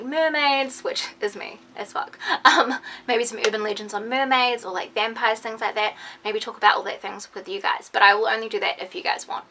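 A young woman chatting excitedly to her viewers in a casual vlog, full of "like" and quick asides. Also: mid-range voice. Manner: excitable, animated, lots of "like". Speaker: beauty vlogger.

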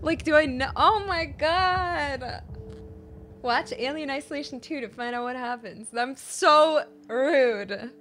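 A young woman streaming a horror game, reacting casually and excitably, swearing and gasping as she plays. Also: high voice, normal speed, slight background noise. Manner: excitable, swears, frequent gasps and squeals. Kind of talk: casual live gameplay reactions. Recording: game music playing behind.

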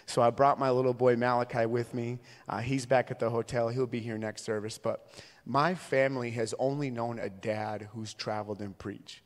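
A man's voice: mid-range voice, steady tone, normal speed. A man in his thirties from Minnesota, a traveling evangelist preaching a sermon with humorous, conversational storytelling. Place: large church sanctuary. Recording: long reverb from a large church hall.

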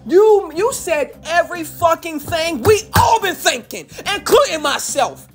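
Fired-up woman ranting with lively pitch. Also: a little slow, few pauses, soft background music. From Baltimore. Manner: animated, profane, repeats phrases for emphasis. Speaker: YouTube commentator and rapper. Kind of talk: hyped reaction rant to camera.

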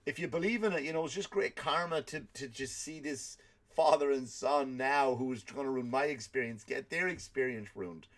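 A man with an Irish accent, a comedian hosting a podcast, telling stories in an animated, swear-filled rant. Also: mid-range voice, moderate pace. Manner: animated storytelling with frequent swearing. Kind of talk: ranting comedic monologue.

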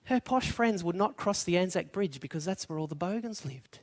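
A man's voice: sits high, expressive, normal speed, few pauses. A middle-aged Australian man preaching a sermon, telling stories and building to emphatic declarations. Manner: storytelling, rising to emphatic declaration.

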